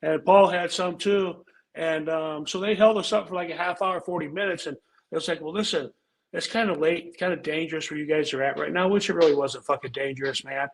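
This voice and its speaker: An older man tells a rambling story thick with swearing, his voice sitting a little high for a man. He talks in a loose, laid-back way, like a former pro wrestler chatting with friends. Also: steady tone, fairly quick, slight background noise, low-quality recording. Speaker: pro wrestler and show regular. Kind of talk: casual storytelling chat.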